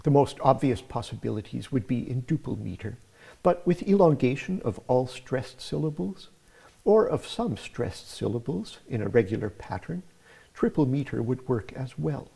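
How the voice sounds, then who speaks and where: A male lecturer talks through his scripted material in a measured, explanatory manner. His voice is gravelly and mellow, with a slightly husky edge. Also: mid-range voice, big pitch swings. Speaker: music lecturer. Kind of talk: scripted academic narration.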